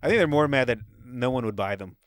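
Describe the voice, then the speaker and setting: A man's voice: medium pitch, expressive, fast talker, dry recording, studio quality. A man who is a comedian guest on a podcast, telling stories in a rambling way with lots of false starts. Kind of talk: casual podcast chat.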